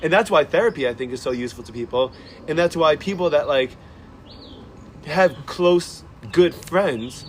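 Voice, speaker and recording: A man's voice: on the high side, animated, moderate pace, slight background noise. A man chatting as a podcast guest, rambling with many "like"s and restarts. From Israel and the United States. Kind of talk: casual conversation.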